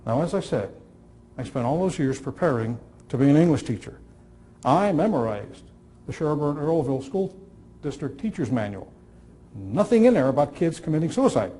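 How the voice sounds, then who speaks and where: A man in his sixties gives a talk to a live audience through stories. His voice sits a little high, and he builds his points with repetition and well-timed pauses. A dry humor runs through his delivery. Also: sing-song, mellow. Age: 60s. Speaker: speaker on communication skills.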